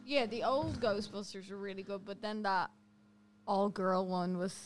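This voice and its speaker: A woman chiming in from the side of a casual conversation with short, quiet remarks. She has a mid-range voice, with faint background noise behind her. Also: mid-range voice, fairly even intonation, normal speed. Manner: brief quiet interjections.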